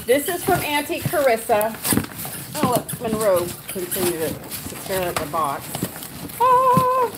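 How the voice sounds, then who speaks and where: A woman with a slightly high, very lively voice gushes and coos at her dogs in a casual live stream. Her talk swoops up and down in a sing-song way. Steady background noise runs under her voice. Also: normal speed. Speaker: pet channel host.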